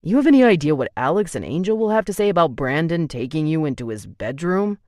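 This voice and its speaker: A woman's voice: sits low, big pitch swings, fast, darkish tone, no room sound, clean studio sound. A woman reading an audiobook, voicing a protective young man, the heroine's level-headed but angry older brother, who talks bluntly and swears when riled. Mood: stern.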